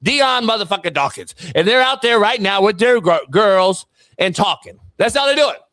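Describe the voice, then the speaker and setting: Profane, blunt sports show host. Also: male voice, sits high, animated, normal speed, sharp tone, dry recording. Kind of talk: casual profane sports rant.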